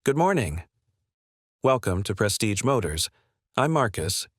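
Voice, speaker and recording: A man's voice: fairly low pitch, sing-song, measured pace, a bit bright, slightly rough, dry recording, clean studio sound, full character voice. A male narrator reading the lines of a kind, eager young car salesman who sounds friendly and apologetic.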